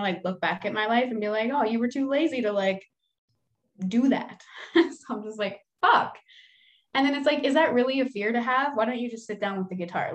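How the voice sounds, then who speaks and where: A young woman chatting casually and candidly, cursing often and poking fun at herself. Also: mid-range voice. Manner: candid, swears freely, self-deprecating. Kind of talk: casual chat.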